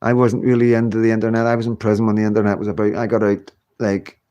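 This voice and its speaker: Man in his fifties hosting a home livestream, loose and chatty, reads out comments, quick to laugh. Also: fairly low pitch, completely flat delivery, dark tone, dull audio. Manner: chatty, rambling, laughs often. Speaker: livestream host. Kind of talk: casual livestream chat reading comments.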